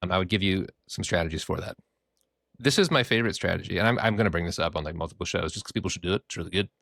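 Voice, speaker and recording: A man who works as a therapist, hosting a casual podcast and talking in an animated, joking way. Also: sits low, rapid-fire, gravelly, no room sound, clean studio sound. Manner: animated, joking, acts out quoted voices.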